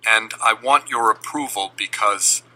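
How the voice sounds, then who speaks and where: A man voicing his adult sister, speaking quietly and earnestly. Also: on the low side, measured pace, low-quality recording. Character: shy grown woman asking her brother's approval.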